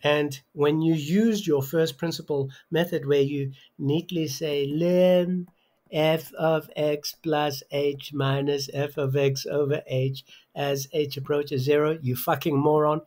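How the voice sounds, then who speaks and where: A man with a fairly high voice lectures on calculus, but keeps breaking into furious insults. He stumbles and restarts, and his pitch jumps up as he rails at his critics. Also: little pitch movement, slow pace, darkish tone. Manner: abusive, insulting, pitch rising in outbursts; hesitant restarts, repeated "okay?". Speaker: self-styled math lecturer. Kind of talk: angry math rant over a worked example.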